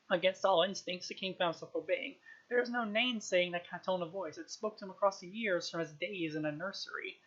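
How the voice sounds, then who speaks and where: A woman's voice: lowish voice, a little fast, hardly any pauses, highs cut off. A woman reading a novel aloud on a live stream, unpolished, with small restarts and chuckles.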